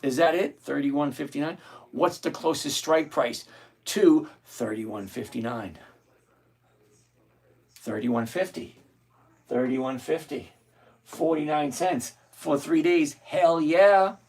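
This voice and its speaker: Male livestream host, middle-aged, gravelly, slightly raised pitch; blunt, animated, chatty with viewers. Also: slow pace, pauses often. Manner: blunt and animated, thinks aloud, greets viewers by name. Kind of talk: live options-trading stream, reading viewer requests.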